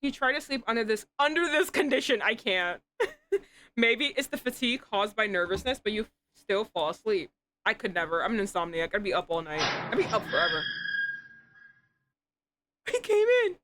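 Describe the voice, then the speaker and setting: A woman's voice: mid-range voice, fairly quick, a little hiss or hum. A young adult woman who streams as a VTuber, reading a dating game aloud and commenting on it with frequent swearing and laughter. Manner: animated, swears and laughs often. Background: loud background music.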